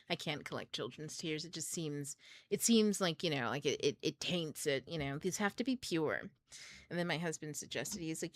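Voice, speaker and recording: Young woman host, chatty and giggly, lively pitch, close dry mic. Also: fairly quick, no echo. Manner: chatty, laughs often, many fillers. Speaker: book club host. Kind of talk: casual storytelling livestream.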